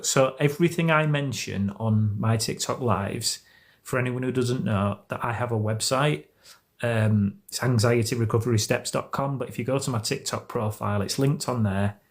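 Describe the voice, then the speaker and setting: English guy chatting on a live stream at home, earnest, rambly, keeps restarting, average pitch. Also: moderate pace. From England. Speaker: host of a live stream on anxiety recovery. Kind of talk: casual live-stream chat.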